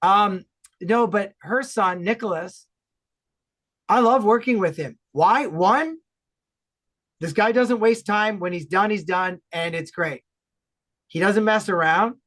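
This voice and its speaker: Man, from Ontario, high voice, loud and enthusiastic, casual podcast chat. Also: slow pace, pauses often. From Ontario, Canada. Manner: enthusiastic, animated, loud talker. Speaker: podcast guest.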